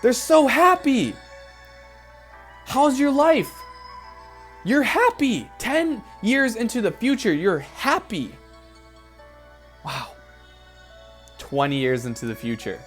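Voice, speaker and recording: A man leading a guided visualization as a motivational speaker, emphatic and repetitive, rising to excited peaks. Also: sits high. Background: faint background music.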